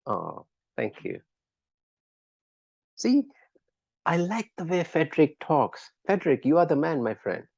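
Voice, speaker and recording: A man's voice: fairly high pitch, sing-song, measured pace, creaky, pauses often, a little mellow, no echo, lo-fi sound. A man teaching a live online class, chatting with students and quizzing them by name in an encouraging way. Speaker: lecturer.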